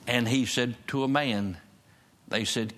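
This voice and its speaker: A man's voice: medium pitch, fairly even intonation, measured pace, fairly bright tone. A man preaching a sermon in a church service, emphatic and repeating his key phrases. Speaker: pastor.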